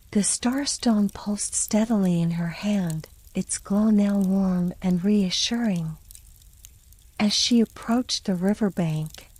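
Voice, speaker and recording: A woman reads a bedtime story in a soft, airy whisper, drawn out and very slow. Her tone is dark and mellow, meant to lull the listener to sleep. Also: medium pitch, poor audio. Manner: slow and soothing.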